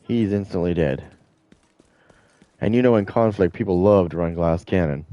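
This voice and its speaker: Brief: middle-aged male streamer, blunt and profane, dark mellow tone, dull lo-fi mic. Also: sits low, moderate pace, dry recording. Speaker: gaming streamer. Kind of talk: casual rant while streaming.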